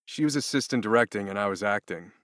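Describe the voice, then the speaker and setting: Bright, lively, low-voiced man. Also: quick pace. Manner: laughing, animated storyteller. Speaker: audiobook narrator, guest. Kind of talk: conversational interview answers.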